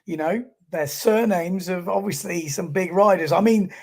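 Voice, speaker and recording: A man's voice: high voice, moderate pace. A man giving chatty live commentary on a sports stream and reading out viewer comments.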